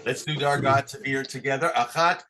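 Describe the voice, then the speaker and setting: A man's voice: mid-range voice, fairly quick, pushed and bright. A man teaching Torah cantillation online, patiently explaining each sign and singing short chant examples for the class to repeat.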